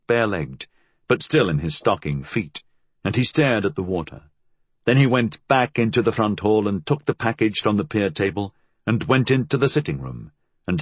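A man reading a novel aloud as an audiobook narrator, telling the story in a measured, expressive way. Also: deep voice, breathy edge, no room sound. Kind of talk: scripted narration.

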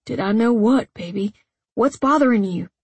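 A fiercely protective middle-aged rancher father, as a woman narrator puts him on, blunt and ready to threaten anyone who hurts his girl. The voice comes through husky and breathy. Dry, close audiobook sound with no room. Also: a little high, normal speed, no echo. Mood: tender. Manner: blunt, threatening when angry, tender with his daughter. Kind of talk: audiobook character voice.

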